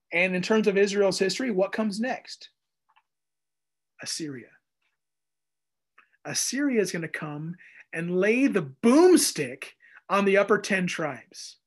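High-pitched animated male preacher. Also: unhurried, pauses often. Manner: animated, conversational, acts out voices. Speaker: pastor. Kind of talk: expository sermon.

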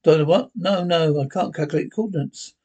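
A man with a husky voice reading the lines of an eccentric male time traveller, naming the character before each line. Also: fairly high pitch, a little fast, warm tone. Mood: brisk.

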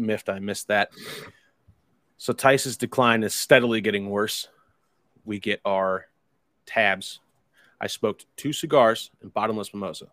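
A man's voice: on the low side, a bit bright, dry recording, studio quality. A man casually telling a long, rambling anecdote, swearing freely and wry about it. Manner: profane, rambling, wry storytelling with quoted dialogue.

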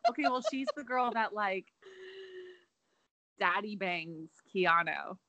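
A woman's voice: mid-range voice, lively intonation, takes it slowly, sharp tone, no echo, rough recording. A young woman co-hosting a casual chat podcast, chatty and playful, filling her talk with "like". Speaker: podcast co-host.

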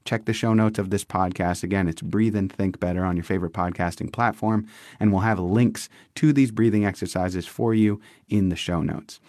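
A young man co-hosts a casual wellness podcast, his voice sitting a little low. He speaks with eager enthusiasm, often stopping and restarting mid-sentence. The recording is dry and close, with no room sound. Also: fairly even intonation, moderate pace, darkish tone, no room sound. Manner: enthusiastic, frequent restarts and fillers. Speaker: podcast co-host.

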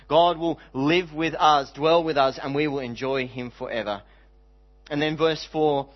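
A man preaching a sermon as pastor, earnest, reading scripture aloud and slowing down to stress key words. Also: on the high side, dull audio. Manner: earnest, slows for emphasis, reads scripture aloud.

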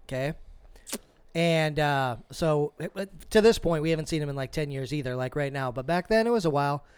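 A man co-hosting a podcast, telling a long story in casual, profane chat and acting out the quotes with lively swings. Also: fairly high pitch, a little fast, clean tone, no echo. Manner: animated, profane, acts out quotes. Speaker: podcast co-host.

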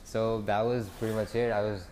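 A man's voice: lowish voice, level tone, brisk, darkish tone, a little hiss or hum. A young man in pain telling a rambling, frustrated casual vlog from outside his home. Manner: rambling, frustrated, stopping to groan. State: in stomach pain. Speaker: vlogger. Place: outdoors away from home. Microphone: phone recording app.

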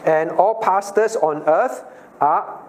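A man with a fairly high voice leads a Bible study as the pastor, calling on listeners by name and asking them questions. He repeats his key phrases over and over. A faint hiss of room noise sits behind him. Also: slow, a little mellow. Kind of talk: interactive Bible study teaching.

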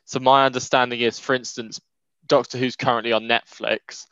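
A man's voice: flat delivery, moderate pace, fairly bright tone, no room sound, lo-fi sound. A young man, co-hosting a casual podcast, explaining things with dry humor. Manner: explanatory, dry humor, rants with rising pitch. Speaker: podcast co-host. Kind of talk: casual chat.

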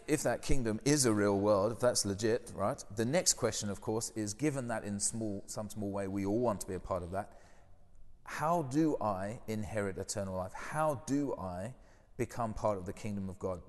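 A man's voice: fairly low pitch, moderate pace, darkish tone, big-room sound. A man preaching a conversational sermon, often putting questions to his listeners.

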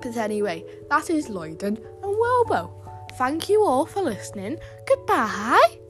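This is a rambling old grandmother who gossips bluntly and swears freely, as a woman puts her on. Her voice sits high and swoops up and down all the time. Faint music plays underneath. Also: wildly swooping pitch, unhurried, fairly bright tone, exaggerated voice. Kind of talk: comic storytelling monologue.

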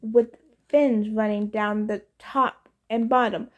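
A woman narrating a novel in first person, in a casual, expressive teenage tone. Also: a little high, slow. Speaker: audiobook narrator.

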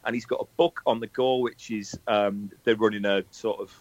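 A man's voice: fairly low pitch, fairly even intonation, moderate pace, muffled recording. A man from England co-hosting a football podcast, telling rambling stories and laughing often. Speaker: podcast co-host. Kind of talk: casual chat.

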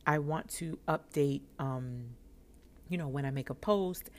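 This thirty-something podcast host from New York has a low-pitched, unhurried voice. She tells a personal story with animation, acting out conversations and laughing.

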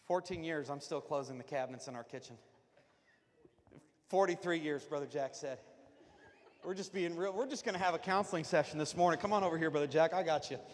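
A man's voice: fairly high pitch, a little fast. A man preaching a sermon as pastor, talking to his congregation in a loose, conversational way and joking with them. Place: church sanctuary. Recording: long reverb of a church hall.

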